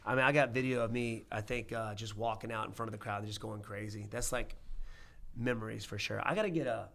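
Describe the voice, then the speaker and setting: A man in his thirties with a gravelly, creaky voice, talking in a loose and rambling way. He hosts a casual podcast chat and often trails off into a quieter mumble. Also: fast talker. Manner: easygoing, rambling, drops into a low mumble. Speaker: podcast host, pro fighter.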